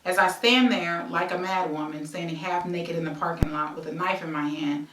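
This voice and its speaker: A woman's voice: lowish voice, fairly even intonation, moderate pace, distant mic, background noise. Woman reading her memoir aloud, echoey. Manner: present-tense storytelling broken by conversational asides. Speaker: memoir author and host.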